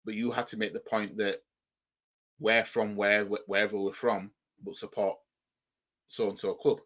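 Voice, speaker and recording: A man's voice: lowish voice, little pitch movement, measured pace, a bit bright. A man with a Yorkshire accent, hosting a reaction channel and mockingly commenting on a clip, often asking "you know what I mean".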